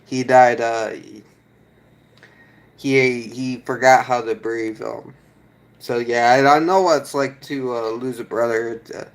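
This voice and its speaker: Over poor audio, a male video creator chats casually with viewers and reads their comments as he goes. His medium-pitched voice is steady and unhurried, and he rambles a bit, restarting sentences and filling gaps.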